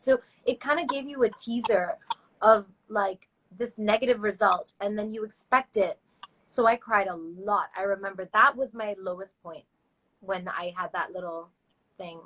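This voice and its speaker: A woman recounting a personal experience as an interview guest, animated and acting out other people's lines. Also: mid-range voice, rough recording. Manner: animated, acts out voices in quotes.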